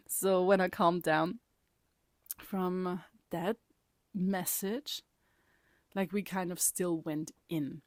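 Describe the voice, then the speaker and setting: A woman talking straight to her viewers in a vlog, rambling and animated. Her voice sits on the low side and sounds dry and close. She laughs often and sometimes drops into a whisper. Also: slow pace, no echo. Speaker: vlogger. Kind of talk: casual personal storytelling.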